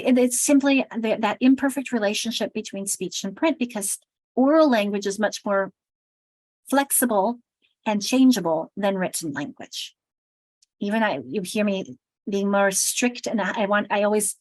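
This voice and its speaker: An American woman runs a teacher training session, pronouncing everything with crisp, deliberate care. She shows sounds off aloud with lively emphasis. Her voice is close and dry, with no room around it. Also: mid-range voice, no echo, poor audio. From United States. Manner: enunciates very carefully and crisply. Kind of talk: workshop presentation.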